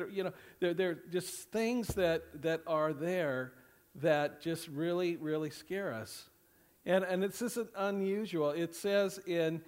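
A male pastor preaches a sermon across several campuses, rambling, repeating phrases and leaning heavily on "you know." When he reads scripture, he slows down and drops his voice low.

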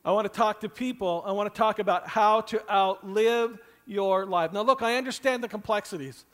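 High-voiced pastor preaching. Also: male voice, moderate pace, a bit bright. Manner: earnest, conversational preaching with asides. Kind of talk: sermon.

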